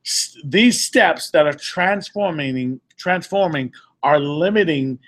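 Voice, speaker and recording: A man's voice: on the high side, expressive, slow, fairly bright tone. A man leading a group session as a motivational speaker, emphatic and repetitive, restating his points and sometimes stumbling over words. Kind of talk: motivational talk to a live audience.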